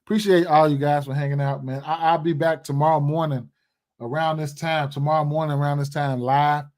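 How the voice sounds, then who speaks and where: A man with a fairly high voice chats live with his viewers about sports picks. he talks in a loose, rambling way, full of slang and asides to his audience. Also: fairly even intonation, brisk, a little mellow. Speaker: sports betting live stream host. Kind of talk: casual live stream chat.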